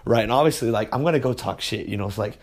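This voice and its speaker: A teenage man talks straight to his listeners at a rapid clip. He swears constantly and drops bro into nearly every sentence, sounding agitated. His voice sits at an ordinary middle pitch. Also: vocal fry. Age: teens. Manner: fast, profane, agitated, says bro a lot. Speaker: podcast host. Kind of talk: casual vlog rant.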